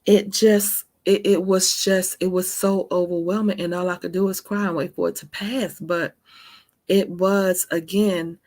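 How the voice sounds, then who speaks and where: Earnest woman in her forties, gravelly voice. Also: lowish voice, flat delivery, a little slow, a little mellow. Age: 40s. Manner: earnest and conversational, often asks "right?". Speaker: faith podcast host. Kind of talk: candid personal testimony.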